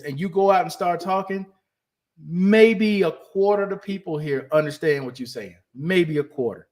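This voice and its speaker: A man holds forth on his podcast in a casual, candid monologue, leaning on emphasis and circling back over his own phrases. His voice sits a little higher than most men's. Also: animated, moderate pace. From United States. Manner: candid, emphatic, repeats himself while searching for words. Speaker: podcast host.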